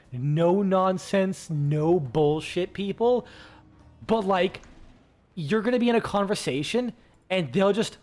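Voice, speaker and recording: A man chatting casually with his stream viewers, rambling, full of fillers and swearing freely. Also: high-pitched.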